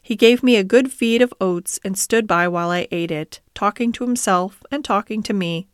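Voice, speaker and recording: A woman reading a classic novel aloud as scripted narration, in a gentle, even storytelling manner with lightly voiced dialogue. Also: mid-range voice, moderate pace, clear, resonant tone, no room sound, clean studio sound. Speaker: audiobook reader.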